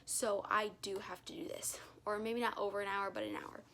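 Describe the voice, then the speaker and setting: A woman's voice: medium pitch, sing-song, fairly quick, a bit bright, slight background noise. A woman giving a casual how-to at home, rambling with frequent "um"s and self-corrections, filming on a phone camera. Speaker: reptile keeper vlogger. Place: her home, indoors.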